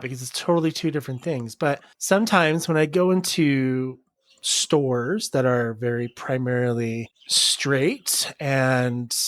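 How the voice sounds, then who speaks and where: A man's voice: fairly high pitch, no echo, studio quality. A man co-hosting a casual podcast, reflective and supportive as he talks things through. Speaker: podcast co-host. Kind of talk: casual chat.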